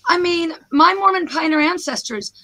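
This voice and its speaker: A hoarse American woman, a professor, giving a snarky, self-deprecating presentation over a video call. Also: extremely high pitch, lively intonation, normal speed, pushed and bright. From United States. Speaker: guest speaker, professor.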